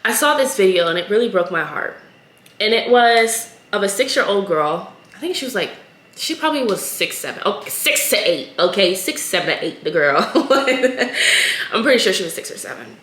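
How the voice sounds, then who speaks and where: A woman hosts her podcast solo, talking in an earnest, emotional way as she tells a story. Her voice is bright and crisp. The sound bounces around an echoey room. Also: mid-range voice, lively intonation, normal speed. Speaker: podcast host. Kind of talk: casual solo podcast talk.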